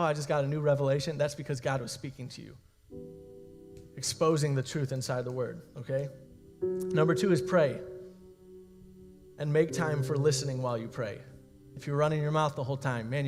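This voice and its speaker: A young man gives a youth sermon in a relaxed, chatty style, often checking in with his listeners. His voice sits in a middle range. The sound rings with the long reverb of a large hall. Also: medium pitch. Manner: casual, conversational preaching with frequent "okay?" and "guys". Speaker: youth pastor.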